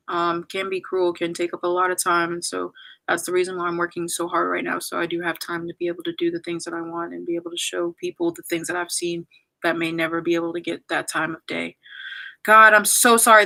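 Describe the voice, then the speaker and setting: A young woman reads comments during her farewell YouTube livestream, her lowish voice pushed and bright. Emotional and holding back tears, she apologizes and rambles, using many fillers. The audio is poor.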